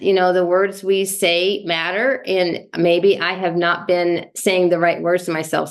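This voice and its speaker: A woman sharing thoughts in a team meeting, chatty and rambling, with many fillers. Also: fairly low pitch. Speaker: meeting participant. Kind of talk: casual chat.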